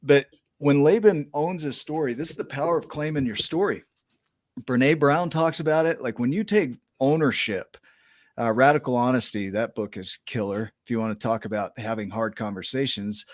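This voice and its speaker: A man's voice: mid-range voice, dry recording, studio quality. A man hosting a podcast interview, talking emphatically and enthusiastically, often checking in with "right?". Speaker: podcast host.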